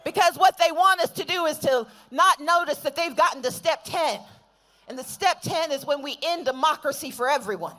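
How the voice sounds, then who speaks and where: A woman's voice: sits high, moderate pace, fairly bright tone. A woman delivering a rousing outdoor rally speech, leading the crowd in call-and-response chants. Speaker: rally speaker.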